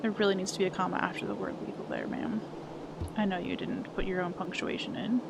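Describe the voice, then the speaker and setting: A woman's voice: mid-range voice, big pitch swings, fast talker, creaky, heavy background noise. A woman streaming a video game live, chatting casually, joking at her own mistakes and swearing now and then. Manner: chatty, self-deprecating, swears casually, playful baby talk.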